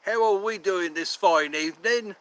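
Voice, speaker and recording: A man putting on the voice of a cheery, genteel old-timey English gentleman who is jolly and over-polite. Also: high-pitched, moderate pace.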